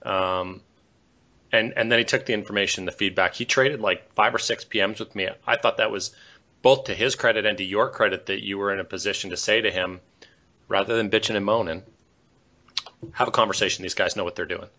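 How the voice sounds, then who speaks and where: A man co-hosting a podcast, telling a story in a measured, thoughtful way. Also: on the low side, steady tone, pushed and bright, lo-fi sound. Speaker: podcast co-host. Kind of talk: casual podcast chat.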